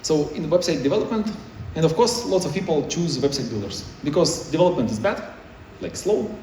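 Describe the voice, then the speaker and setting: A man's voice: a little high, animated, brisk, a little mellow, slight background noise. Man speaking at a conference, echoey hall. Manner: non-native English, choppy phrasing with restarts. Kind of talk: conference talk. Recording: echoey hall, mic far off.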